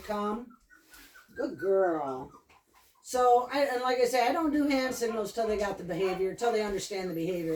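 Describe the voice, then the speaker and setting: A woman's voice: medium pitch, darkish tone. Woman dog trainer talking casually at home, a bit far from the mic, roomy echo, some faint noise. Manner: chatty, loose and repeats cues with praise. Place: indoors at home with her dog. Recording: echoey room, mic at a distance.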